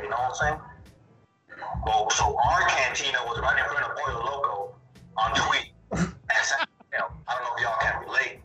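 A man calling in to a show, telling a long rambling story with lots of swearing and animated asides. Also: mid-range voice, moderate pace, faint music behind. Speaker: caller. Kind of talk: casual storytelling. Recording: roomy, distant phone-in sound.

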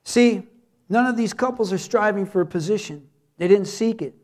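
A man's voice: high voice, moderate pace, a little mellow. A man who is a pastor, preaching a sermon earnestly and repeating words for emphasis.

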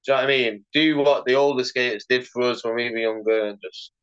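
A man speaks in a loose, animated podcast chat, swearing freely and scattering "like" through every thought. His voice sits at an ordinary middle pitch. The recording sounds dull and lo-fi. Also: fast, clear, resonant tone. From Britain. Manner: animated, heavy swearing, lots of "like" fillers. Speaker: podcast guest, pro skateboarder. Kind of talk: casual podcast interview.

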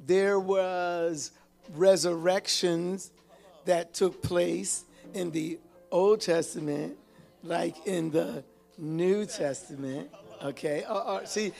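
High-voiced preacher man, animated. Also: vocal fry. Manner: animated preaching with call-and-response; repeats and restarts phrases. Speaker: pastor. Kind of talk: sermon.

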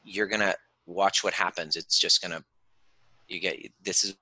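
A man's voice: low-pitched, fairly even intonation, normal speed, pushed and bright, no echo. A man, a chiropractor and educator, guiding someone through an emotional healing exercise with an intense, soothing, coaching delivery. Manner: intense, soothing, swears freely.

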